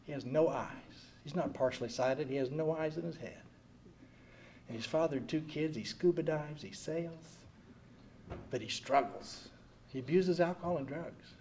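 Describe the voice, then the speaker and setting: A man's voice: on the high side, moderate pace, long pauses, slight background noise. Older man giving raw recovery testimony. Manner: earnest storytelling, quiet and heavy one moment, loud and wry the next. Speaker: speaker sharing at a recovery meeting.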